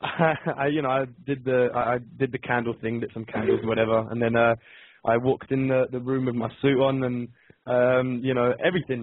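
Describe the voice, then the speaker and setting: A young man with a London accent, a musician answering interview questions by phone, halting and hesitant with many ums. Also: medium pitch, no room sound. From England. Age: young adult. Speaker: musician guest. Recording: dry tinny phone line.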